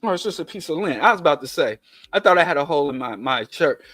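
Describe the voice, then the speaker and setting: A man's voice: on the high side, lively intonation, fast, fairly bright tone, no room sound, clean studio sound, faint music behind. A man with a Kansas City twang hosting a political commentary monologue, digressive with emphatic lists and chatty asides. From Kansas City, USA. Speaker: show host.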